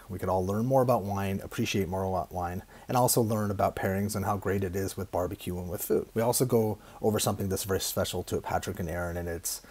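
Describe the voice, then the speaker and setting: A man's voice: deep voice, darkish tone, husky. A man hosting a podcast in casual chat, upbeat and loose, with many restarts. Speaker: podcast host.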